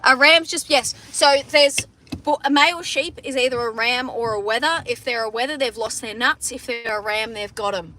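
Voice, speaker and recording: A woman's voice: fairly high pitch, normal speed, bright, forceful tone, a little hiss or hum. A young Australian woman livestreaming from her phone inside a car on a farm, chatting casually with viewers, swearing often and restarting her sentences. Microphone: phone front camera.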